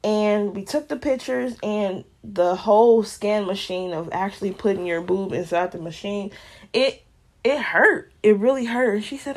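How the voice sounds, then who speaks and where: A woman's voice: medium pitch, unhurried. A woman vlogger giving an emotional personal testimony in candid, casual slang.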